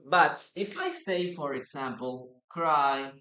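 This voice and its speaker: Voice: medium pitch, expressive, slow pace. A teacher gives a live online English lesson, repeating example phrases and reading out student comments. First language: Spanish.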